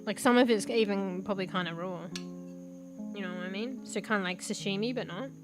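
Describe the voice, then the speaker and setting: A woman's voice: mid-range voice, brisk, loud music behind the voice. A young woman streaming as a VTuber, chatting casually while eating, swearing freely and laughing often. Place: home room with a fan.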